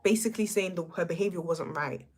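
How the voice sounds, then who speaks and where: Speaking quickly in a lowish voice with a breathy edge, a young female livestream host reacts to a reality show. It's an animated, sassy rant.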